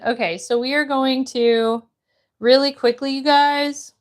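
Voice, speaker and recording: A Florida livestream host with a high voice keeps things relaxed, unhurriedly reading out what viewers write. She talks back to them casually in the gaps between painting steps.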